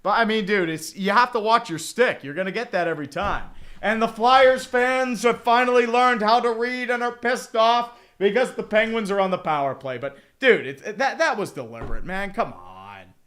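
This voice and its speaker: High-voiced excitable hockey commentator man. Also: normal speed. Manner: excitable, profane, rambling asides. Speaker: streamer doing play-by-play. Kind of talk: casual hockey play-by-play with chat reading.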